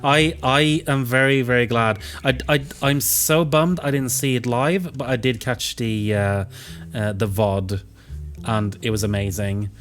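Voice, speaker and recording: A man's voice: mid-range voice, steady tone, measured pace, a bit bright, soft background music. A man streaming a story game, making jokey, self-deprecating remarks in casual commentary. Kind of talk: casual let's-play commentary.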